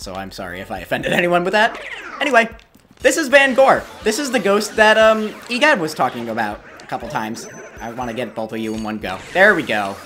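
A man's voice: high voice, bright, forceful tone. A man commentating his own gameplay, easily frustrated, swearing and pleading at the game as he plays. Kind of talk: let's play commentary.

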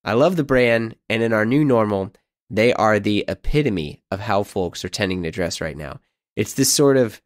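A male podcast host with a low voice chats casually and riffs loosely between questions. The sound is dry and close to the mic. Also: expressive, normal speed, no echo. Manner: chatty, easygoing, riffing. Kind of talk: podcast interview.

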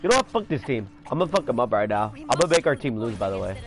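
Excitable young man, lively swearing gamer. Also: mid-range voice, rapid-fire. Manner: excitable, cursing, swings between yelling and muttering. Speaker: gaming channel host. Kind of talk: casual gameplay chat.

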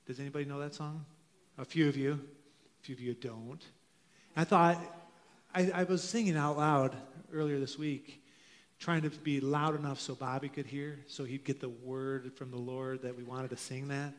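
A man preaching a sermon as pastor to his congregation, earnest, drawing out key phrases slowly for emphasis. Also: fairly high pitch, fairly even intonation. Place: church sanctuary. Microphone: handheld microphone. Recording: long hall reverb of a church.

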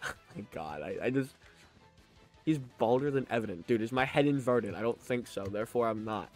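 A man's voice: mid-range voice, animated, normal speed, darkish tone, faint music behind. A young man in his late teens, a live streamer, chatting casually and reading his chat aloud, with a slurred lisp because new braces keep his mouth open. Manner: chatty and joking, laughs often, stammers on restarts.

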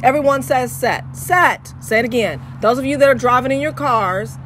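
A woman's voice: sits high, fairly quick, noisy background. A woman with an East Texas Southern accent hosting Christian radio, talking in an exuberant, preachy way and repeating her phrases. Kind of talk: lively radio chat.

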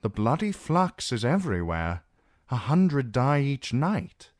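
A man voicing a cautious older knight in his sixties or more, speaking formally and gravely. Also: mid-range voice, very animated, slow, a little mellow, no echo, studio quality, voice pushed up. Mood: worried.

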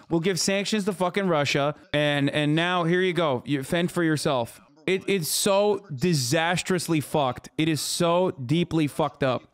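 A man's voice: fairly high pitch, normal speed, hardly any pauses, clear, resonant tone. A man streaming live, reacting to news with agitated, profane ranting.

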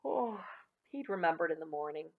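A woman teacher reading a chapter book aloud to children, expressive and addressing them directly. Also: deep voice, moderate pace, creaky, narrow, tinny audio, slight background noise. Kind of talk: children's story read-aloud.

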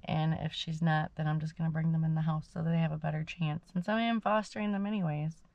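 A woman and mother talking to the camera in a casual personal video diary, soft-spoken and rambling. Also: deep voice, fairly even intonation, fast, gravelly, no echo, highs cut off. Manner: rambling, soft-spoken, fighting tears at times. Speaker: vlogger and mother.

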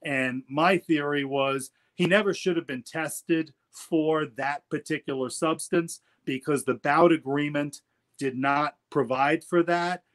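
A man's voice: a little high, steady tone, unhurried, a bit bright. A middle-aged man, an attorney guest, telling stories in casual interview talk and often repeating words as he goes.

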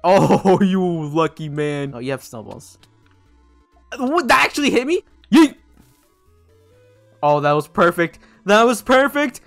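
Hyped high-voiced young gaming guy. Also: sing-song, a little slow, gravelly, long pauses, fairly bright tone, soft background music. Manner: hyped, keeps calling out to "boys", yelps and laughs at plays. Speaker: gaming YouTuber. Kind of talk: excited gameplay commentary.

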